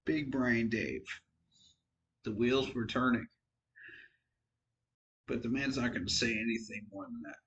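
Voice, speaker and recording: A man's voice: mid-range voice, measured pace, long pauses, a bit bright, dull audio, slight background noise. A tired man giving casual, frank football commentary on his own channel, rambling and poking fun at himself. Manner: rambling, frank, self-deprecating. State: tired, yawning. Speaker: sports fan vlogger.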